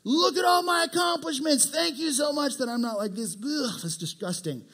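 A man voicing a boastful, self-righteous Pharisee who brags loudly in prayer. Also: extremely high pitch, sing-song, moderate pace, creaky, husky, voice pushed up, full character voice. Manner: bragging, loud and preening.

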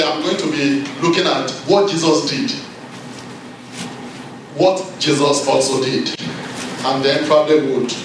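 A man preaching a sermon, slow and emphatic, building up for emphasis as he reads scripture. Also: medium pitch, background noise. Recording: echoey hall from far off.

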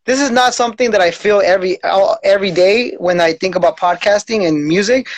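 Laid-back man with a higher voice. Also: brisk, no echo. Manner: laid-back, slangy, says "bro" often. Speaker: podcast host. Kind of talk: casual conversation.

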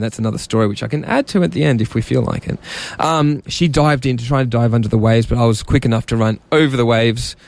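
Self-mocking rambling storyteller, gravelly man. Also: medium pitch. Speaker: podcast co-host telling a story. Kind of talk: casual storytelling chat.

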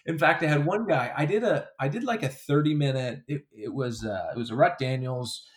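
A man's voice: on the high side, fairly quick. A man as an interview guest, talking in a casual, rambling way with frequent restarts. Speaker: interview guest, creator of a comedy hunting character.

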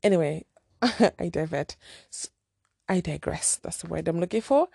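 Chatty female vlogger from Zimbabwe, warm low voice, dry close sound, rambling and frank. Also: lively intonation, normal speed, creaky, breathy edge, no echo. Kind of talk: casual storytime chat.

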